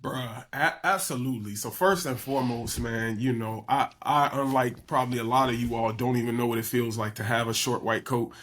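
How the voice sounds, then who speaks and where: A young man from the South Side of Chicago, a guest physician who tells his stories in a relaxed, conversational way with lots of fillers. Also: medium pitch, fairly quick, few pauses. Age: young adult. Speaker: podcast guest, emergency physician. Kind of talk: casual storytelling interview.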